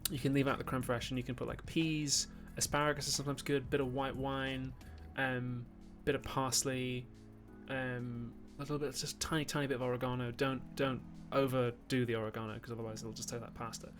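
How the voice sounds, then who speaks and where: A man's voice: mid-range voice, level tone, a little fast, soft background music. A man from Newcastle with a Geordie accent, chatting on his livestream, reading viewer messages, rambling with fillers and the odd burst of mock outrage. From Newcastle, northern England. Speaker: YouTube host on a livestream. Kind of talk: casual live-stream chat reading super chats.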